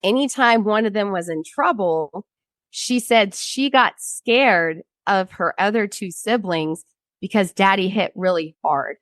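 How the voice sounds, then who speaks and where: A woman's voice: mid-range voice, measured pace, a bit bright, no room sound. A woman in her thirties, a guest in an interview, telling a personal story bluntly and with frequent swearing, acting out what other people said.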